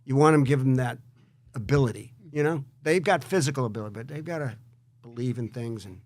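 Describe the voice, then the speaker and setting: A male host in a conversational interview, speaking in an animated way and often repeating words as he gets going. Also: medium pitch, a little fast, no echo. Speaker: show host.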